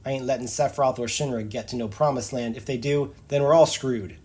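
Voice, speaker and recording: A man voicing a big, gruff male rebel leader with a loud, brash put-on drawl over faint game music. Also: medium pitch, steady tone, fairly quick, natural voice. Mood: riled up.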